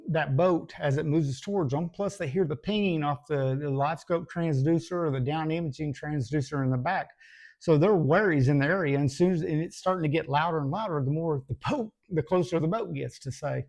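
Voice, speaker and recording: A man with a somewhat raised pitch and a gravelly, fry-laden edge talks through his tips casually. His delivery is folksy and rambling, full of restarts and fillers, like an instructor thinking out loud. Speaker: bass fishing instructor.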